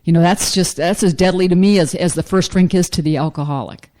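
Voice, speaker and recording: A woman's voice: fairly low pitch, brisk, mellow. A middle-aged woman giving a frank, self-mocking personal recovery testimony as a speaker at a meeting.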